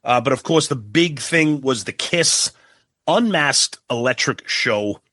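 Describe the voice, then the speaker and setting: Mid-pitched man, steady casual podcast talk. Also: no room sound, studio quality. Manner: steady, brisk, frequent short agreements. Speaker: podcast co-host. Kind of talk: casual chat.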